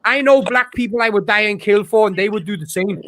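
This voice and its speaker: A man with a notably high voice rants his way through a casual stream chat. He swears freely and keeps stopping and restarting his sentences. The sound is close and dry, with no room in it. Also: fairly quick, fairly bright tone, no room sound. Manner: rambling, profane, with frequent restarts. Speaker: streamer host.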